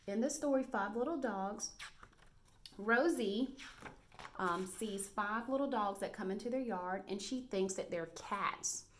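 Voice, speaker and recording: A woman teacher leads a reading lesson for small children on video. She talks slowly and encouragingly, sounding out each word with care. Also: mid-range voice, a little hiss or hum. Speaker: first grade teacher.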